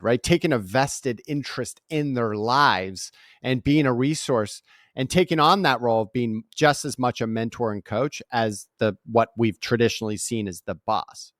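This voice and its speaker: Speaking in a mid-range voice, a forties-aged author appearing as an interview guest and speaker tells animated stories, punctuating them with "right?" again and again. The studio sound is clean, with no echo.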